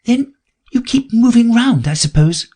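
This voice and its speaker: A man's voice: very high-pitched, animated, warm tone, pitched above the performer's own voice, full character voice. A man voicing a curious, polite young girl who is easily offended, in an audiobook. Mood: earnest. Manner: earnest, prim, quick to take offence. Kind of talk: audiobook character voice.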